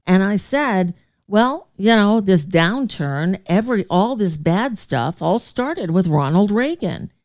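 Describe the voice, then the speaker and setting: Unhurried, chatty radio host woman. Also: mid-range voice, animated, a little mellow, no echo, studio quality. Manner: chatty, digressive, laughing often. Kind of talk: casual storytelling to a live chat.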